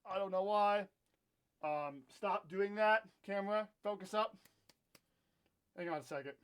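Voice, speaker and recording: A young man with a notably high speaking voice tells a casual storytime vlog straight to his camera. He rants candidly and often pokes fun at himself. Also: measured pace, clean tone. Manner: candid, ranting, self-deprecating. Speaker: vlogger. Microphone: own camera.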